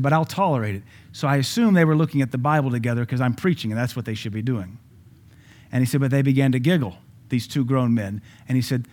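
A man preaching a sermon, dropping to quiet asides and then building to loud peaks, reading scripture slowly with emphasis. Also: mid-range voice. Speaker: pastor.

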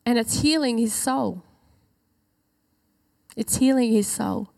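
High-voiced woman preaching a sermon. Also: gravelly, darkish tone. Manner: earnest, emphatic, slows for key phrases.

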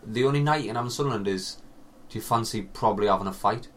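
Low-voiced North East man, dry banter. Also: fast, a little hiss or hum. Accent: Northern English (North East). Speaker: podcast co-host. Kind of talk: casual chat.

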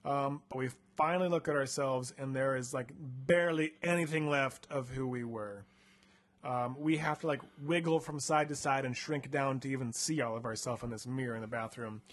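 A man's voice: mid-range voice, normal speed. A young man casually retelling a story on a comedy podcast, chatty and playful, with lots of filler words. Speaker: podcast host reading a choose-your-path book aloud.

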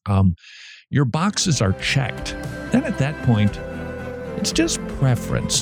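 A man's voice: mid-range voice, huge pitch swings, slow pace, pauses often, over music. A man hosting a daily Christian commentary show, talking in a wry, conversational way with sarcastic asides. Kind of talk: casual commentary.

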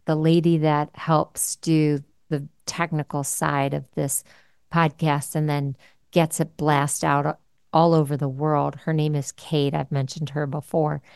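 A woman's voice: low voice, darkish tone, clean tone, dry recording, studio quality. A woman hosting a podcast, speaking in a heartfelt, emotional way and often repeating herself. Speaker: podcast host. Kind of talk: heartfelt podcast chat and sign-off.

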